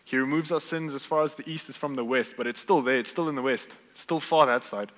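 A man's voice: mid-range voice, quick pace. A man preaching a sermon, casual and joking, telling stories to his congregation. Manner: relaxed, joking, conversational preaching. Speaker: pastor. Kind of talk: sermon with storytelling. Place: church hall. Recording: long hall reverb.

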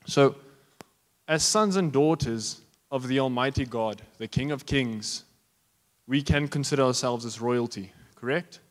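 A man's voice: medium pitch, unhurried, big-room sound. A man preaching a sermon as pastor, joking and talking straight to his congregation.

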